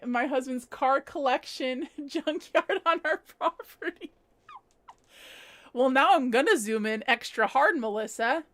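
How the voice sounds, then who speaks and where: Picture a young woman at home, chatting on a crafting livestream as she reads out viewer comments. She sits high in her voice, and her tone is bright and clear. She giggles often between her thoughts. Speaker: crochet livestream host. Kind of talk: casual livestream chat reading comments.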